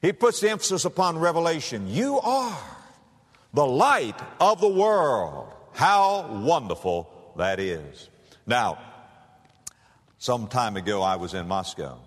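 A man's voice: on the low side, lively intonation. Man preaching in an echoing hall. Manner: dramatic, with big swings between soaring and hushed phrases; slow, drawn-out emphasis on key words. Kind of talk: sermon. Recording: long reverb of a large hall.

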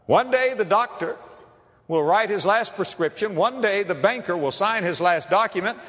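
A male pastor delivers a dramatic sermon, his voice leaping with lively swings from ringing emphasis down to a hush. He sits a little high for a man. The sound carries a long reverb, as in a large church hall. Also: moderate pace.

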